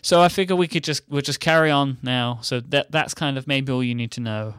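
A man's voice: medium pitch, fairly quick, clear, resonant tone, no room sound, faint music behind. A young man co-hosting a podcast, chatting casually and rambling with dry, joking asides. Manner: rambling, deadpan jokey. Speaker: podcast co-host. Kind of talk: casual banter.

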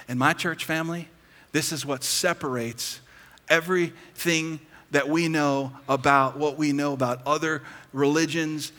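A man preaching in a lively, animated way, dropping to near-whispers and then rising to loud bursts. His voice is bright and forward, sitting a little high for a man. The sound carries the long reverb of a large church hall. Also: brisk. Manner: animated, swings between hushed and loud emphasis. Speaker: pastor. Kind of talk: sermon.

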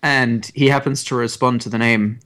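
A male co-host with a mid-range voice. He delivers ridiculous made-up stories deadpan and breaks into chuckles now and then. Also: medium pitch, moderate pace. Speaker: podcast co-host. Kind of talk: comedic scripted banter.

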